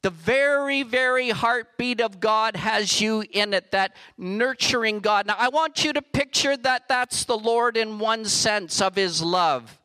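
A man delivering a sermon with an earnest, emphatic preaching manner. His voice sits high and rings bright and crisp. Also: a little slow, few pauses, poor audio. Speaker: pastor.

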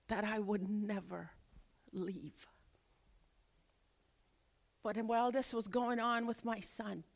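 Dramatic woman preacher, bright voice. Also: mid-range voice. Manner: dramatic swings from loud exclaiming to hushed, near-whispered lines. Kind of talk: sermon with personal story.

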